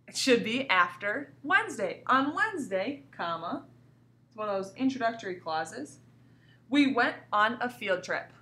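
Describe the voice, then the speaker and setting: A woman teacher walks young pupils through a recorded grammar lesson, her slightly high voice bright and ringing. She reads example sentences with deliberate, exaggerated pauses and keeps asking the class coaxing questions, her pitch swinging widely as she goes. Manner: lively, coaxing questions to students. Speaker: elementary school teacher.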